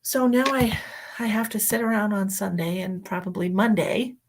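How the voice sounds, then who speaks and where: A woman hosting a live psychic reading stream, chatting casually in an excitable way, with laughs and whispered asides. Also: mid-range voice, moderate pace, slight background noise. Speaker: psychic medium host. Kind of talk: casual livestream chat.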